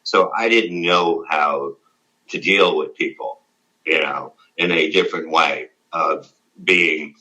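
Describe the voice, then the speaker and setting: Deep-voiced middle-aged guy, bright edgy tone, swears a lot, rambles through stories. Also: unhurried, low-quality recording. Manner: blunt, profane, rambling storytelling. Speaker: interview guest, former radio show staff. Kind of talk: casual interview.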